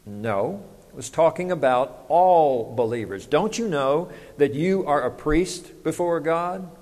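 Pastor, a touch high-pitched, talks to his flock with questions and answers, long church reverb. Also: animated, slow pace, hardly any pauses, a little mellow. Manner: conversational preaching with rhetorical questions. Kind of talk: sermon.

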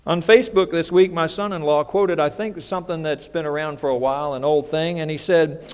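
A man's voice: a little high, moderate pace, few pauses, big-room sound. A middle-aged man preaching a conversational sermon as pastor, often putting questions to the congregation.

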